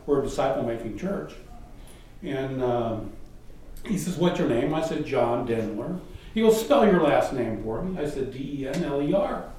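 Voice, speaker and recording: A man, a guest, telling a personal missionary story in a casual, animated way and mimicking the voices of people in it. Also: medium pitch. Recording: distant mic in a very echoey room, faint noise.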